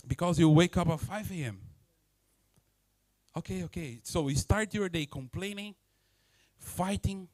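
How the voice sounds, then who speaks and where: A male preacher giving an animated sermon, acting out everyday scenes in non-native English. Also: sits high, a little slow, no echo, poor audio. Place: church.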